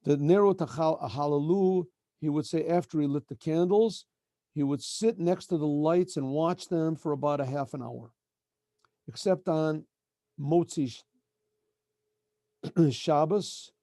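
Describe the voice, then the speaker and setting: A middle-aged man, a rabbi teaching a casual daily lesson, who often clears his throat and corrects himself as he goes. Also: fairly high pitch, a little slow, long pauses, mellow, no echo, clean studio sound. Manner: frequent throat-clearing, self-correcting and meandering.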